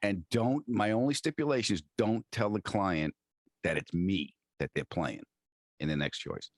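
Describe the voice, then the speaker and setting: A middle-aged man with a New York accent, a comedian and actor, telling animated stories on a podcast and restarting his sentences often. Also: sits low, normal speed, dry recording, studio quality. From Long Island, New York. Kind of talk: casual storytelling interview.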